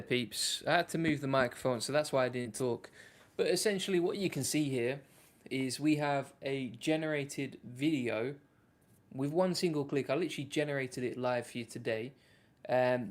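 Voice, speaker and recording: A man's voice: medium pitch, moderate pace. A man hosting a casual live walkthrough of an app, talking loosely with lots of fillers and restarts. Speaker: host.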